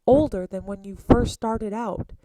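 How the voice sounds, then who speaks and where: A woman's voice: mid-range voice, unhurried, dark tone, natural voice, low-quality recording. Mercutio, a mocking teenage boy as a woman reads him.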